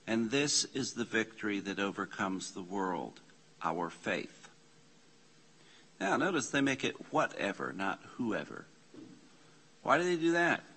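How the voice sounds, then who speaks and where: A man leading an informal church class, slowly reading out Greek scripture and explaining the grammar with casual asides. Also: on the low side, very animated, bright, forceful tone, breathy edge. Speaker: Bible study teacher. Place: church meeting room.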